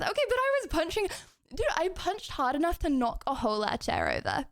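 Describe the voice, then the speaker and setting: A young adult woman streamer chatting with her viewers in her home kitchen, excitable and joking, out of breath from standing and kicking. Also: very high-pitched, fairly quick. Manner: bubbly, excitable, joking with chat. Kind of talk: casual live-stream chat. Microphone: streaming mic, wearing headphones.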